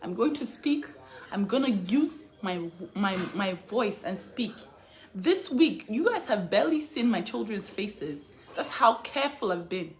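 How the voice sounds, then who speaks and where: A woman's voice: medium pitch, lively intonation, a little slow. A young woman from Africa speaking straight to her viewers in an emotional vlog, indignant and repeating herself as she builds to defiant outbursts. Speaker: vlogger. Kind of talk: emotional direct-to-camera vlog.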